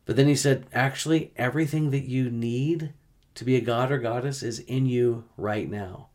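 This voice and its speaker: A man hosting a gospel discussion podcast, teaching scripture in an earnest, emphatic way and slowing down to stress key words. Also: medium pitch, fairly even intonation, a little mellow. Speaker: podcast host.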